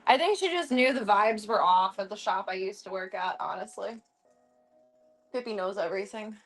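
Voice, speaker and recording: A woman of middle pitch talks casually to her stream from home. She chats in a relaxed, wry way. She slips into cooing baby talk whenever she turns to her pets. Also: normal speed, soft background music. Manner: chatty and wry. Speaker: live streamer.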